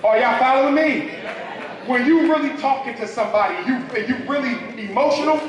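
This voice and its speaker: Man with a really high voice preaching to a crowd, big echoey hall, picked up from far off. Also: fairly quick. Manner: preacherly, call-and-response with the crowd. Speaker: speaker at a public talk. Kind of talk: lecture to a live audience. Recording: echoey hall, mic from afar.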